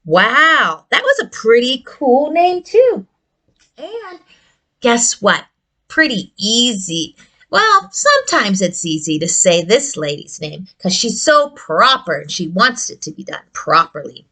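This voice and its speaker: A woman's voice: fairly high pitch, very animated, takes it slowly, pushed and bright. Sing-song encouraging speech therapist woman. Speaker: speech-language pathologist. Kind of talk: children's speech lesson with puppets.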